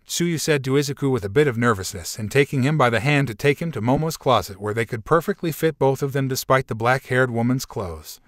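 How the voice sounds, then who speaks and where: A man's voice: medium pitch, animated, fairly quick, hardly any pauses, fairly bright tone, no room sound. Man reading a story aloud, dry sound. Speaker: narrator. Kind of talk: scripted fan fiction narration.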